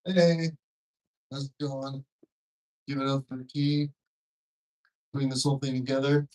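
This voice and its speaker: A man opening a stand-up set on a comedy club stage. He talks slowly and in a relaxed way, and his voice sits at a middle pitch for a man. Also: rough recording.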